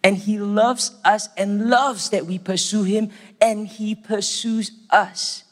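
A Singaporean man with a Singaporean English accent giving a church sermon. He opens with a prayer and then tells animated stories. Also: sits high, takes it slowly. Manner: animated storytelling, acts out quotes. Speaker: church staff preacher. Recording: long hall reverb.

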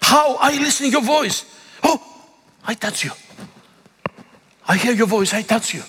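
Male pastor, Greek native speaker, lively sermon delivery with a husky edge, reverberant sanctuary. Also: very high voice, measured pace. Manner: animated preaching, pleading and swelling to calls. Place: church. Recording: long echo of a big hall.

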